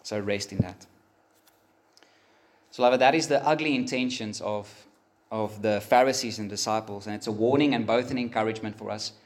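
A man preaching a sermon, emphatic and pausing, rising for emphasis. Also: fairly low pitch. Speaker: pastor.

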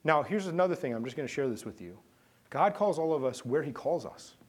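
Man pastor, husky voice, lively rising and falling pitch, sermon to the congregation. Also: a little fast. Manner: conversational, asks the congregation questions. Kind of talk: sermon and closing prayer.

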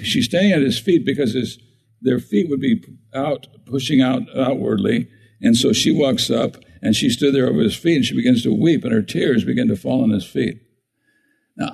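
Gravelly husky man preaching. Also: medium pitch, warm tone, poor audio. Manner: conversational preaching, many restarts and questions to the congregation. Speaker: pastor. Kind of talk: sermon.

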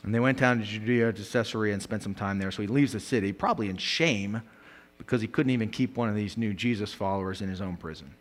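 A male pastor preaching a sermon, animated, swinging between loud emphatic bursts and quiet asides, with frequent laughs. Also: fairly low pitch, fast talker.

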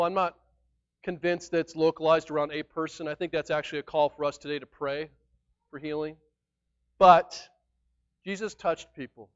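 Guy preaching a sermon, pretty high smooth voice, chatty and emphatic, kinda muffled recording. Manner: emphatic and conversational, shifting between loud and quiet. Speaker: pastor.

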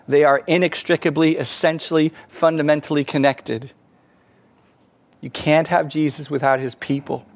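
A man preaching a sermon, earnest, rising to emphatic peaks and falling back soft. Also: medium pitch. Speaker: pastor.

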